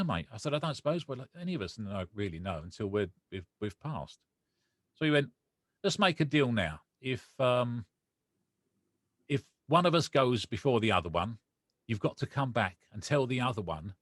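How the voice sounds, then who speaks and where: A man's voice: medium pitch, dry recording. Man from Romford telling his story. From Romford, England. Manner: animated, acts out dialogue. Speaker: guest. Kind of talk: personal storytelling.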